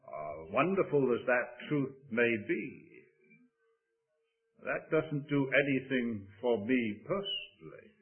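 A man preaching a sermon slowly and deliberately, with sing-song rises and hushed drops on key words. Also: mid-range voice, big pitch swings. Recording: tinny phone-like old recording.

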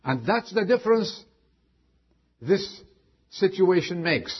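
Slow, husky preacher man with soaring pitch. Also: big pitch swings. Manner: emphatic preaching with long dramatic pauses. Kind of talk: sermon. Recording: dull lo-fi sound.

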